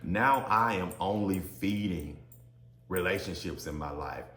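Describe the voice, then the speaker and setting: A very deep-voiced man delivers a motivational self-help talk, full of rising emphatic questions. He keeps addressing his listeners as y'all, like a preacher working a crowd. The sound is roomy and echoey. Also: unhurried, a bit bright, a little hiss or hum. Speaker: podcast host. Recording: echoey room.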